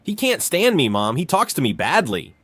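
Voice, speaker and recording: This is a sly, bratty boy cousin with a whiny, taunting edge, as a storyteller puts him on. The pitch swings a lot, and the sound is dry and close. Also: very animated, normal speed, a bit bright, no echo. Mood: taunting whine.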